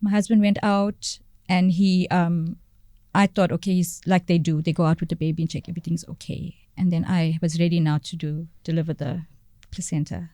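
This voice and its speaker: A woman, a podcast guest telling a personal story in a halting way, searching for words and repeating phrases. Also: lowish voice, level tone, mellow, dry recording, clean studio sound.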